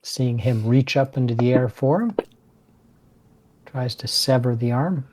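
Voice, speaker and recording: A player describes their character's actions in a casual, playful way. The voice sits at a middle pitch. Keyboard clicks can be heard behind it. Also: measured pace, a little mellow.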